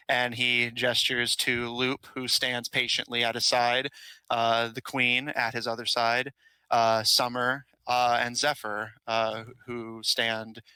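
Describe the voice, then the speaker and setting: A man runs a tabletop game with a very bright, forward voice. He narrates casually, filling gaps with "uh"s and restarts. The sound is dry and close. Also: mid-range voice, clean tone, no room sound, low-quality recording. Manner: casual, filler-heavy narration with frequent "uh"s. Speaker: game master.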